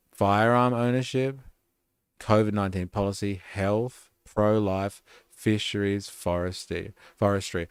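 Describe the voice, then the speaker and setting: A man's voice: low-pitched, vocal fry, dry recording, studio quality. A man hosting a live stream, reading comments and policies aloud with sarcastic, muttered asides.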